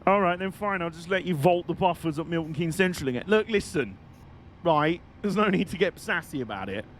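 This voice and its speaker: A man giving excitable, jokey, mock-outraged live commentary while streaming a game. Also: a little high, brisk, slight background noise.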